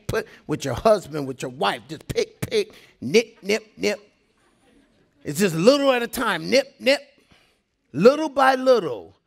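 A male pastor preaching a sermon, animated, dropping to hushed tones for emphasis and telling stories with laughing asides. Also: medium pitch.

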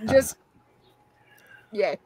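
A woman's voice: drawn-out words, mellow. A woman on a live stream chat, teasing the others as she says her goodbyes. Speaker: co-host.

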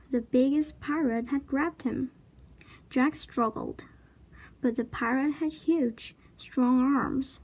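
Slow, high-voiced woman reading a storybook. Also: darkish tone, breathy edge. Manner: slow, deliberate storybook narration. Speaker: reader. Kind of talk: children's book read-aloud.

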